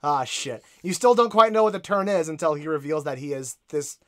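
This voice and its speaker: A man's voice: fairly high pitch, animated, fast talker, fairly bright tone. A man co-hosting a casual podcast, eager and rambling, often searching for words. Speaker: podcast co-host.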